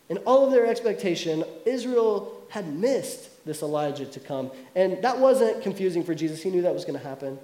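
A man's voice: high voice, expressive, normal speed, warm tone. A man preaching a sermon in a casual, storytelling way, full of asides to the congregation. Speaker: pastor. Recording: echoey room.

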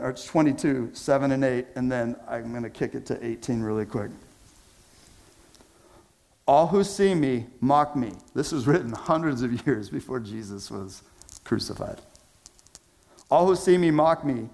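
Male pastor, slightly higher voice, laid-back slangy sermon delivery with big dynamic swings. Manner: casual, conversational preaching with slang; dramatic swings between loud emphasis and hushed low phrases.

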